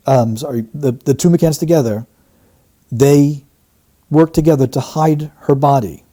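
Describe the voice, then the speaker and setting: Analytical man with a mellow voice. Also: mid-range voice. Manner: explanatory, breaks down quotes phrase by phrase. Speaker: statement analyst. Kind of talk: analytical commentary.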